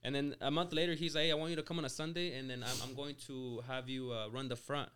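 Fast-talking young man from Mexico. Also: mid-range voice, fairly even intonation, fairly bright tone, clean tone. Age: 20s. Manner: rapid and chatty, full of "like" and "you know", restarts words. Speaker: podcast guest, auto shop owner. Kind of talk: casual storytelling in a podcast interview.

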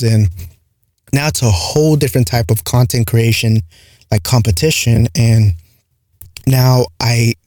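A man with a light accent talks through a casual solo podcast, his voice mellow and dark. He rambles and leans on fillers, recorded close and dry in a small home room with no echo. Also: medium pitch, fairly even intonation, measured pace, pauses often. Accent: light non-native English accent. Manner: rambling, frequent "like" and "right?" fillers. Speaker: podcast host. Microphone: close studio mic with compressor.

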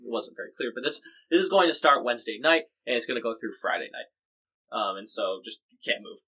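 A man's voice: medium pitch, expressive, fast talker, bright, forceful tone, rough recording. An American man co-hosting a casual news podcast, explaining stories in a chatty, jokey, rambling way. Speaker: podcast co-host.

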